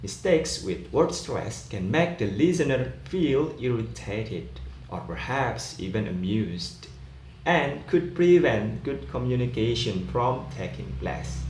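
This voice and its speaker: Slow male teacher. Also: mid-range voice. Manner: slow, explanatory, frequent "yeah" fillers. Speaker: pronunciation teacher. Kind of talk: recorded lecture. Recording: echoey room, faint ambient noise.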